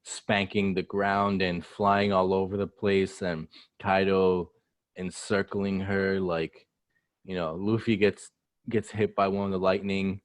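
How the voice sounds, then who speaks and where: A man co-hosting a casual comic read-through, relaxed and chiming in with agreement. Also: low voice, takes it slowly, dry recording. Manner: relaxed, mumbles agreement, acts out lines. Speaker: co-host.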